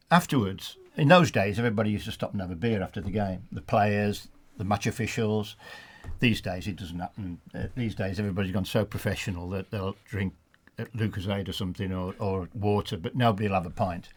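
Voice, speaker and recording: A man with a Black Country accent, a retired football referee telling funny anecdotes in a relaxed studio chat. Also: on the low side, a little fast. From England. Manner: anecdotal, laughs at his own stories, many restarts. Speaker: studio guest, former referee. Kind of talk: storytelling in a casual chat.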